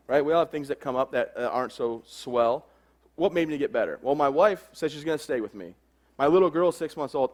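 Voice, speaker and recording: A young man gives a motivational speech to a crowd, spinning a story with jokes along the way. He talks at a brisk clip and jumps into the voices of the people in his story, with a pitch in a middle range for a man. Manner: joking storyteller, acts out quoted dialogue. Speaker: motivational speaker.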